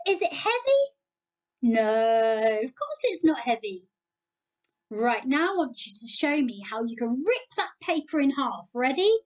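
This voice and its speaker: A high-pitched English woman, recorded on home video at church with the highs cut off, guides small children through a Bible lesson. She keeps it slow, playful and animated, encouraging them to join in.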